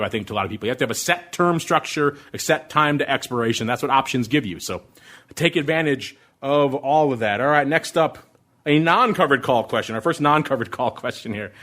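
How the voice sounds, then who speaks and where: A middle-aged man hosting a podcast, answering listener questions about options trading in an excitable, ramped-up way. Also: mid-range voice. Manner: excitable, fast, ramped-up delivery. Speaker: podcast host.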